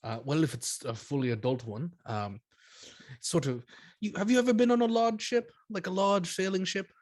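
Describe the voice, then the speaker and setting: A man's voice: sits high, normal speed, a little mellow. A man playing a tabletop game over an online call, chatting casually and laughing often. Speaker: player.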